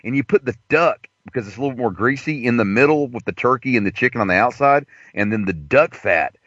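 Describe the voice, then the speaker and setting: A man hosting a call-in show, telling stories in a crude, excitable way. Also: medium pitch, quick pace, no echo, dull audio. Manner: crude, excitable, laughing storyteller. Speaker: host. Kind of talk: casual chat.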